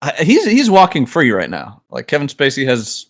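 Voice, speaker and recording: A young man co-hosting a casual comedic podcast chat, delivering sarcastic jokes in a deadpan way. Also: mid-range voice, normal speed. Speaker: podcast co-host.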